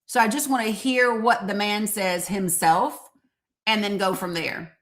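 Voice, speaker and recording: A woman's voice: mid-range voice, fairly even intonation, a little slow, a bit bright. A woman hosting a live stream, chatting casually and rambling, talking straight to her viewers and getting openly frustrated. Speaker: livestream host.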